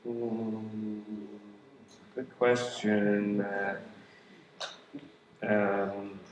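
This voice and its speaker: A soft-spoken man with a lowish voice answers questions in a halting, unhurried way, filling gaps with fillers. The sound is roomy and distant, with a faint hiss behind it. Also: flat delivery, dull audio. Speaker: guest at Q&A. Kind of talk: casual Q&A answers. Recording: echoey room, far from mic.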